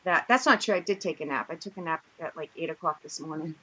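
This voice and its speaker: A woman's voice: sits low, fast talker, pushed and bright, husky. A woman hosting a casual internet radio chat show, joking around and reading out chat comments. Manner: joking, chatty, reads chat comments aloud. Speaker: podcast host. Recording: dull lo-fi internet radio audio.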